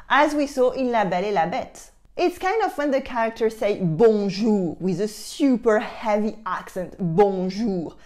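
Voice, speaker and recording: A French woman in her thirties with a French accent, teaching French in a lively, playful way with exaggerated examples. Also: fairly high pitch. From France. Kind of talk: online language lesson.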